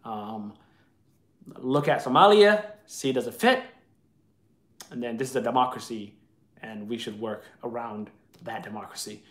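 A man's voice: medium pitch, a little slow, long pauses, echoey room. A man hosting a live video chat, answering viewer comments in an opinionated, argumentative way.

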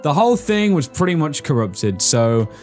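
A man's voice: a little high, very animated, normal speed, a little mellow, soft background music. A young man giving casual, jokey let's-play commentary as a gaming channel host, reading on-screen lines aloud.

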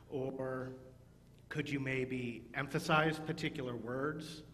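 Animated pastor in a reverberant church. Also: male voice, a little high, normal speed. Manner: animated, speaks to children with playful emphasis. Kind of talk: children's sermon and service leading. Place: church sanctuary.

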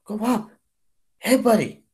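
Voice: medium pitch, expressive, moderate pace, darkish tone. A person in their twenties ranting on a vlog in a fed-up, rambling way, repeating themselves and stumbling through false starts. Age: 20s. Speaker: vlogger.

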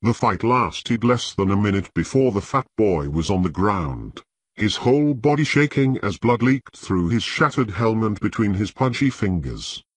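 Audiobook narrator, man, husky and low-pitched, dry close recording. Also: expressive, normal speed, dry recording.

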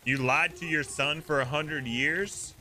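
A man's voice: fairly high pitch, measured pace. A man streaming a game, doing playful cop role-play in a mock-official, bantering, theatrical way. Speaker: streamer host. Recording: steady background noise.

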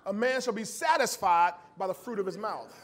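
In a church sanctuary, a high-voiced pastor preaches a sermon to his congregation in a folksy manner, laughing often. He swings between loud, emphatic lines and quiet storytelling asides, with lively intonation and a slightly fast pace.

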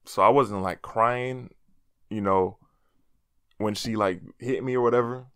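A man's voice: fairly low pitch, steady tone, measured pace, a bit bright, smooth, dry recording. A young man telling a personal story in a loose, slangy, cursing storytime vlog, laughing at himself now and then. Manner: casual, slangy, swears often; laughs at his own story. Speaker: vlogger.

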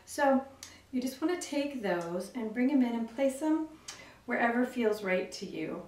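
A middle-aged woman giving a step-by-step cake decorating lesson, explaining each move gently and carefully. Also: a little high, animated, a little slow. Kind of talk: step-by-step demonstration. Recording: echoey room.

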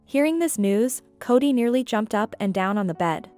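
A woman narrating a dramatic life story in a measured, even reading. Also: a little high, soft background music.

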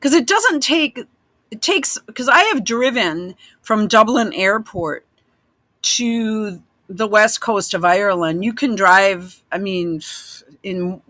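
Woman vlogger talking slow over clips, rambly and blunt, cusses a lot, dry close sound. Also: medium pitch, lively intonation, sharp tone, no room sound. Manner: rambling, many restarts, blunt with frequent swearing. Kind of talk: casual commentary while playing clips.

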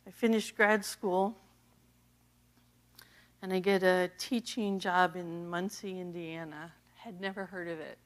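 A middle-aged woman pastor from the US East Coast giving a personal testimony sermon, animated and laughing often as she tells the story. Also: on the low side, a little slow. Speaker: associate pastor.

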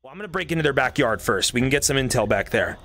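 A man streaming a video game, commenting casually, excitable and swearing as he yells at the game. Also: medium pitch, fast talker.

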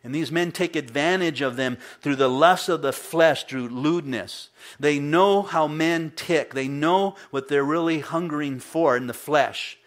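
A male pastor preaching a casual, storytelling sermon, mimicking the people he quotes with sudden loud bursts. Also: a little high, measured pace.

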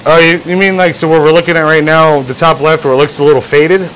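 Man on a workshop livestream, casual, rambling and jokey, a bit high-pitched, faint hum behind. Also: flat delivery, quick pace, a bit bright, rough recording. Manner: rambling, jokey, acts out imagined scenes. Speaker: livestream host, engraver.

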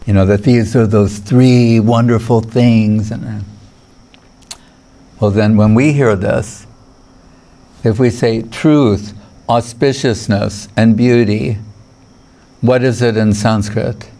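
A man's voice: on the low side, fairly even intonation, slow pace, long pauses, mellow. A man giving a lecture on scripture as a spiritual teacher, digressive, chuckling now and then and quoting Sanskrit verses.

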